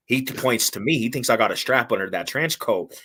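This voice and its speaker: A man as a podcast guest, telling a story in a casual, animated, slangy way full of swearing and acted-out quotes. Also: mid-range voice, a little fast, slight background noise.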